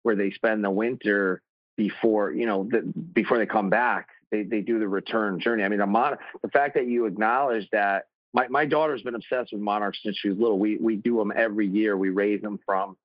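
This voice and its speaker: A man's voice: lowish voice, steady tone, fairly quick, dry recording, dull audio. A man hosting a podcast, explaining eagerly in casual conversation, with many restarts. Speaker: podcast host.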